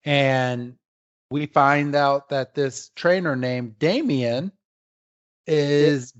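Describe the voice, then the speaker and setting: A man co-hosting a podcast in casual chat, retelling the plot with halting fillers. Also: medium pitch, clean tone, dull audio. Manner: rambling, halting, with many fillers. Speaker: podcast co-host.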